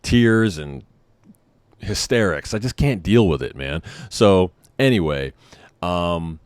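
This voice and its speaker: A man in his thirties from San Diego with a fairly low voice tells a loose, rambling story full of asides. The sound is close and dry, with no room around it. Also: lively intonation, slow, clean tone, dry recording. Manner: rambling, with many fillers and asides. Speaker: vlogger. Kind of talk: casual storytelling.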